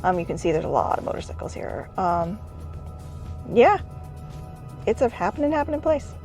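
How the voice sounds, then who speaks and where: A woman's voice: mid-range voice, very animated, normal speed, a little mellow, faint music behind. A woman hosting a travel vlog, chatting in a rambling, enthusiastic way while walking around outdoors. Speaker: vlogger host. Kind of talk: casual travel vlog narration. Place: outdoors at a busy beach town. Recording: outdoor street noise behind.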